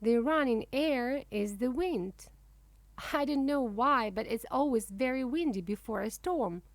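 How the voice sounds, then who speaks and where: A woman voicing a patient, kindly ostrich father in a children's storybook, calmly explaining things to his chicks. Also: on the high side, unhurried, no echo.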